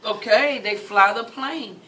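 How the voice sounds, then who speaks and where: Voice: medium pitch, slow, pushed and bright. Teacher, classroom lesson, patient, repeats key words, distant mic, noisy background. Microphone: far from the mic.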